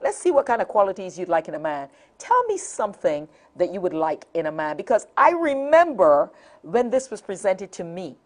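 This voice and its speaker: Animated woman hosting a call-in show. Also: mid-range voice, normal speed. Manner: animated storyteller, laughs often, repeats phone numbers. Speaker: talk show host. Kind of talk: lively call-in show talk.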